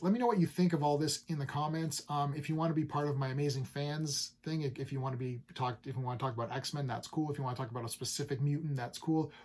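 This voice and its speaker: A man's voice: mid-range voice, a little mellow. A man in an off-the-cuff comic book review, talking in a mid-range voice. He rambles enthusiastically, stumbling over restarts and fillers as he loosely retells the characters' lines. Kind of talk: casual comic review chat.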